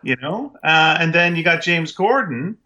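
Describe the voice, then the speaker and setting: A man's voice: a little high, expressive, measured pace, bright, forceful tone, muffled recording. A man co-hosting a podcast, chatting casually about a movie in a rambling, emphatic way full of restarts. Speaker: podcast co-host. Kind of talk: casual movie review chat.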